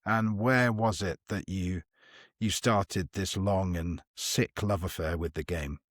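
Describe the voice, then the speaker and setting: A man's voice: low voice, slow pace, no room sound, studio quality. A man hosting a podcast, asking questions in a wry, playful, casual way. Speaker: podcast host. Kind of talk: casual chat.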